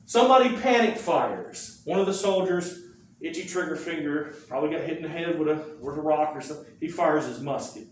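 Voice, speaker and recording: A man's voice: on the high side, a little fast, a little hiss or hum. Echoey male teacher telling history from far off. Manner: lively storytelling with rhetorical questions and asides. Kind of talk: classroom lecture. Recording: very echoey room, mic far off.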